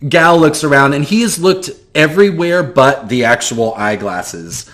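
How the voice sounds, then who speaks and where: A male game master describes the scene in a relaxed, rambling way. He pads his narration with "um" and "like" as he goes, talking casually to his players. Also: medium pitch, measured pace, hardly any pauses. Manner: loose, filler-heavy narration.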